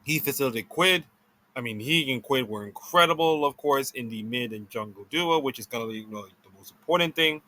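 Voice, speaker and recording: A man giving casual commentary as he ranks players, rambling with many restarts and self-corrections, and talking slowly and sluggishly after a meal. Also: medium pitch, pushed and bright. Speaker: esports video creator.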